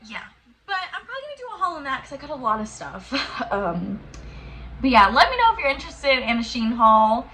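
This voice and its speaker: A woman's voice: high voice, big pitch swings, a little fast, bright, forceful tone, a little hiss or hum. A young woman vlogger talking casually to the camera in a chatty, effusive way, indoors at home. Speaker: beauty vlogger.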